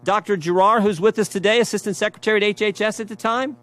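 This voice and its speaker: A middle-aged man makes his case at a hearing in an emphatic, driving voice. His voice sits somewhat high for a man, and he reads out emails and repeats phrases for weight. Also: steady tone, quick pace, a bit bright. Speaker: congressman questioning at a hearing. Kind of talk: speech at a hearing.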